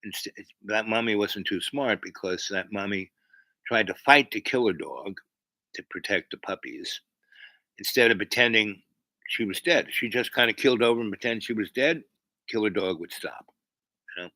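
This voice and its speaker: A man hosts a livestream and drifts through a long story, stopping often to restart his sentences. His voice sits a little low but sounds bright and forceful. The sound is close and dry. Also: normal speed, no room sound, rough recording. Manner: meandering, frequent fillers and restarts. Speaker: livestream host. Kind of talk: rambling storytelling to chat.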